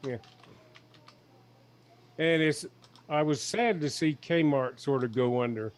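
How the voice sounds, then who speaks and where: Calm, even-toned man chatting. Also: fairly high pitch. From United States. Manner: calm, measured, reasonable. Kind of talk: casual chat.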